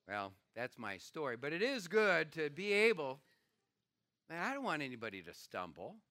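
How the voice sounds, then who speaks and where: An older man, a pastor, preaching a sermon with animated storytelling and acted-out quotes. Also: on the high side, normal speed, dry recording, studio quality.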